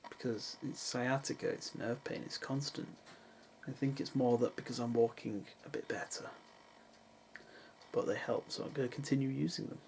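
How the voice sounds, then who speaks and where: Gravelly young man vlogging. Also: medium pitch, steady tone, moderate pace, a little mellow, a little hiss or hum, poor audio. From England. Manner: dry, self-mocking asides. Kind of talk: casual vlog chat. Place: parents' house in the countryside, with cats.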